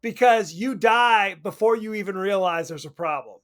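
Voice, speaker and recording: A man co-hosting a podcast, telling a movie's story in a casual, animated way with cursing and laughter. His voice sits high for a man. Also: normal speed. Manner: loose and profane, animated retelling with laughs. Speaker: podcast co-host. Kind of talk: casual movie recap chat.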